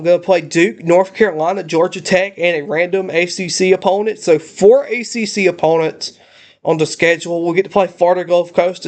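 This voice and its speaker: A young man ranting in a casual home vlog, emotional and halting with many restarts, recorded on a laptop in his parents' house. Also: high voice. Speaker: channel host.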